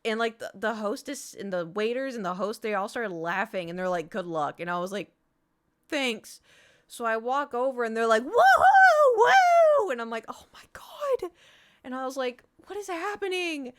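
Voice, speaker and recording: A woman's voice: on the high side, brisk, hardly any pauses, clean tone. A young woman streamer casually telling a story, acting out the people she quotes. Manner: animated, acts out quoted voices.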